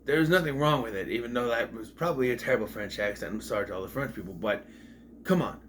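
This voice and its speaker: A man's voice: mid-range voice, fast, a little hiss or hum. A man giving a casual, rambling retrospective of a TV episode at home, with jokey asides. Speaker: video reviewer.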